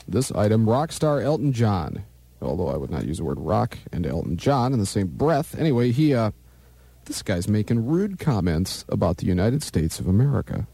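A man's voice: lowish voice, creaky, mellow, husky, dry recording. A man hosting a morning radio show, jokey and rambling, slipping into mock outrage. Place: radio studio.

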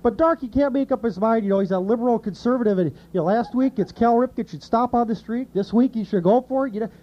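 A man doing an impression of a rambling older male sportscaster who clears his throat and jumps between topics, on an outdoor fair stage. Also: very high voice, quick pace, muffled recording. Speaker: impression contest contestant.

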